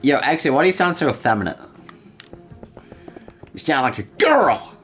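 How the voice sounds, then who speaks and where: A man's voice: on the high side, big pitch swings, normal speed, fairly bright tone, faint music behind. Joking male livestreamer, casual banter. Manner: joking banter with chat, rambling restarts. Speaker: livestream host.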